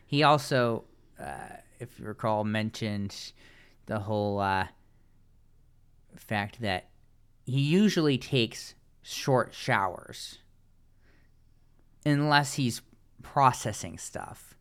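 A man co-hosting a podcast, chatting casually and sarcastically about a reality show, with halting restarts. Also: on the low side, clear, resonant tone. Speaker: podcast co-host. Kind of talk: casual podcast recap chat.

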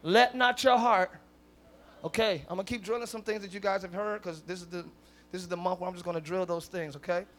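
A man preaching a sermon as pastor at a live church service, swinging from soft conversational asides to loud shouted declarations with call-and-response. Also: high-pitched, steady tone, fast talker. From northern United States.

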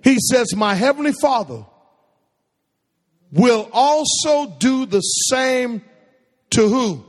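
A man's voice: extremely high pitch, sing-song, takes it slowly, long pauses. A man preaching a sermon in a church sanctuary, using call-and-response and repeating phrases for emphasis. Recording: echoey hall with long reverb.

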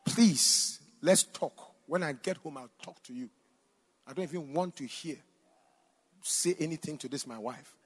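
A man preaching a sermon, telling a personal story with sudden shouts and bursts of laughter. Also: fairly high pitch, unhurried, slightly rough. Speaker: pastor.

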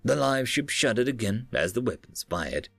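A man narrating a science fiction story in a measured audiobook style. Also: mid-range voice, big pitch swings, gravelly, a bit bright, slightly rough, soft background music.

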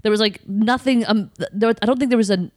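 Excited woman going off on a rant, laughing a lot, dry sound. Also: medium pitch, no echo. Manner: exuberant, quick bursts, laughing. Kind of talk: casual chat.

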